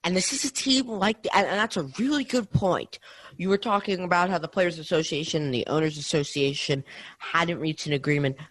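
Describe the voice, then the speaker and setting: A man's voice: on the high side, fairly quick, fairly bright tone. Fired-up man ranting on a podcast. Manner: heated ranting, repeats himself. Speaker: podcast co-host. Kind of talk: casual sports podcast chat.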